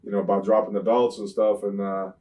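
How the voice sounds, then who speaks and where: An older man, a retired wrestler, telling rambling profane stories in an interview, often saying "you know what I'm saying" and getting loud when he retells fights. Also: lowish voice, fast, far from the mic, low-quality recording. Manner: grows loud and animated when retelling confrontations. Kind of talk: shoot interview storytelling.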